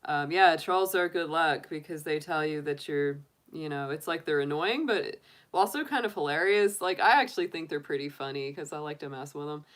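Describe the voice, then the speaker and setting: Woman tarot reader chatting on a livestream, giggly, laughs a lot, lowish voice. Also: moderate pace, fairly bright tone. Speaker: tarot reader, channel host. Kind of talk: casual livestream chat.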